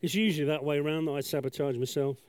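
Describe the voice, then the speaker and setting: Man, storyteller, sketchboard painting, mellow, dry, chatty asides. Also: on the high side, racing, clean tone, no room sound. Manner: chatty, self-deprecating, many asides and restarts. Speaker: children's talk storyteller.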